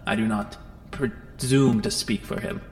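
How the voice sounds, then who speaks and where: A man's voice: mid-range voice, steady tone, a little slow, darkish tone, long reverb tail, slight background noise, lightly acted. A man voicing an ancient, wry witch in a tabletop game. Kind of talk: tabletop role-play voicing.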